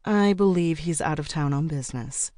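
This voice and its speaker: A woman playing a practical book club leader, brisk, gently firm, low-pitched, dry sound, audiobook character. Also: no echo, close to an everyday voice.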